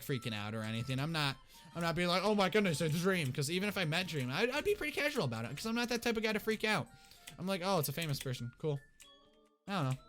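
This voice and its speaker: A young man telling a rambling, excitable story to his viewers in a casual storytime vlog. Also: high voice. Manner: excitable, rambling, restarts often. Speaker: YouTuber.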